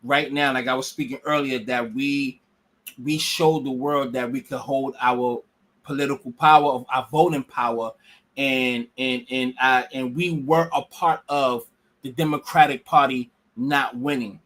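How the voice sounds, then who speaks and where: A man interviewing people on the street, asking halting questions with many fillers. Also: mid-range voice, steady tone, fairly bright tone.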